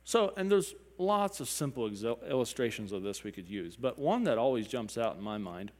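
A man teaching music, explaining beats and counting and humming examples aloud as he goes, now and then clearing his throat. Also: mid-range voice, sing-song, normal speed, darkish tone. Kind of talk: spoken lecture with sung examples. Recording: long reverb, hall-like.

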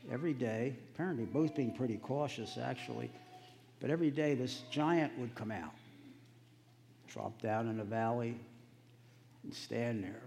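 Man preacher, sermon, gravelly, mellow, conversational storytelling, long hall reverb. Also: medium pitch.

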